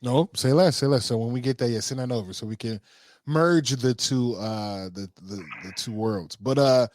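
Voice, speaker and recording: Man, podcast co-host, relaxed, laughs easily, dry sound. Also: mid-range voice, moderate pace, no echo. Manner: laid-back, laughs often, trailing off. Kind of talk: casual chat.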